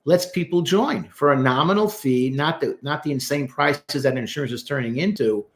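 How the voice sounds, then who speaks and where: A man, a therapist, breaking down song lyrics in casual, animated commentary, talking straight to the viewer. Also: mid-range voice, normal speed. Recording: echoey room.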